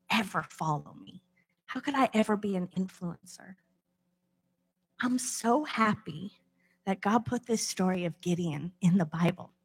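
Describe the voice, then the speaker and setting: A woman's voice: mid-range voice, a bit bright, breathy edge. A woman pastor preaching a sermon from a church stage, impassioned, acting out inner voices with big swings in tone.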